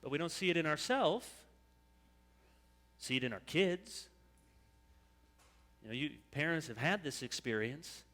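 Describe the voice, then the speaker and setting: A man preaching a sermon as pastor, animated, dropping into high whiny voices to mimic complainers. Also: unhurried, long pauses. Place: church sanctuary. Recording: long church hall reverb.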